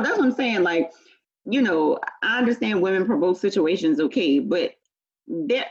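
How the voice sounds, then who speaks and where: Emphatic husky-voiced woman. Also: mid-range voice, dull audio. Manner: animated, emphatic, lots of "you know what I'm saying". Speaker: podcast co-host. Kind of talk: casual chat.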